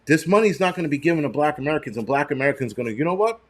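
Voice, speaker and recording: A man's voice: a little high, expressive, racing. A middle-aged man hosting a live stream, talking in a loose, rambling way and breaking into profane, heated rants with many restarts. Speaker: show host.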